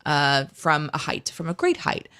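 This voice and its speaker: A woman in her thirties co-hosting a casual live chat, telling stories in a rambling, animated way with lots of fillers. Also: deep voice, a little slow, smooth. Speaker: co-host.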